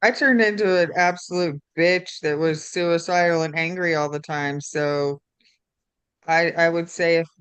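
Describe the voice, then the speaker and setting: Blunt woman, smooth dry voice. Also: fairly low pitch, steady tone, a little slow, a bit bright, no echo. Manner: blunt, direct. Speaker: participant. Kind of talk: casual group chat.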